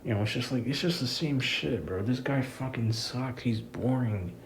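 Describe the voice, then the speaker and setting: A man's voice: medium pitch, moderate pace, slight background noise. A young man giving a profane, exasperated review rant about a wrestling event, repeating himself and calling the listener "bro.". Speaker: wrestling commentator. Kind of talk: ranting review.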